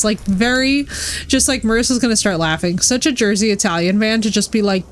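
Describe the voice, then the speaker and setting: Speaking fast in a mid-range voice, the woman chats through her game live stream. Faint game music plays beneath her swearing and her constant use of "like."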